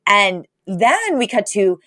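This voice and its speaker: Speaking slowly in a mid-range voice, a woman co-host retells a TV episode in lively, conversational fashion and voices the characters' lines herself. The studio sound is clean with no echo.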